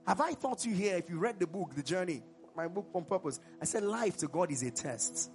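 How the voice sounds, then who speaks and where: Male preacher, high gravelly voice, lively q-and-a style, faint music behind. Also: fairly quick. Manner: animated, asks the congregation questions and answers them; breaks into song mid-sermon. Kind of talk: sermon.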